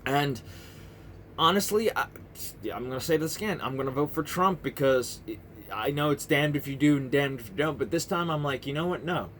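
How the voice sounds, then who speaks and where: A man's voice: a little high, expressive, brisk, fairly bright tone, slight background noise. A man in his thirties ranting to camera in a heated, profane, rambling monologue full of restarts. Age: 30s. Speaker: vlogger. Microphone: camera mic.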